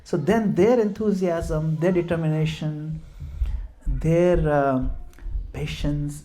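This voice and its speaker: A man's voice: a little high, fairly even intonation, slow pace, warm tone. A middle-aged man from Gujarat giving an informal devotional talk, telling stories and laughing at himself. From Gujarat, India. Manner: storytelling, laughs at himself, mixes in Hindi and Sanskrit verses. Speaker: speaker at a devotional home program.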